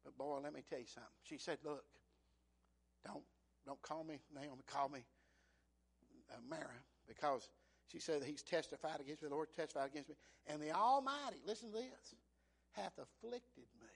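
A middle-aged male pastor preaching a sermon, swinging from hushed whispers to loud, dramatic peaks. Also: fairly high pitch, creaky.

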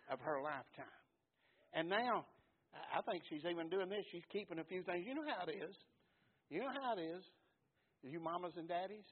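Folksy pastor, high-pitched, repeats himself, thin phone-line audio. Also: male voice. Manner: folksy, repetitive, swings from loud to hushed. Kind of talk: sermon. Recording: tinny phone-like sound.

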